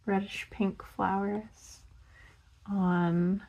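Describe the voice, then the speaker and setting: A young woman in a casual unboxing vlog, giggling often and breaking into excited gasps and soft whispers as she looks over each item. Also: mid-range voice, drawn-out words, lo-fi sound, noisy background. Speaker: vlogger.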